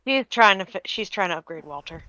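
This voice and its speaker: Woman tabletop player, bright, smooth, self-mocking. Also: medium pitch, animated, a little fast, no echo, dull audio. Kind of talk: tabletop game chat.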